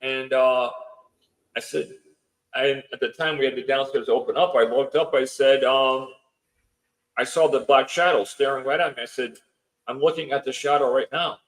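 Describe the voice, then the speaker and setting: A man's voice: medium pitch, fairly even intonation, moderate pace, poor audio. A man speaking as a podcast guest, telling a long story casually, quoting what others said again and again, with many restarts and fillers. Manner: retells events with lots of quoted dialogue; rambling, with restarts and filler words. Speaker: podcast guest, house owner.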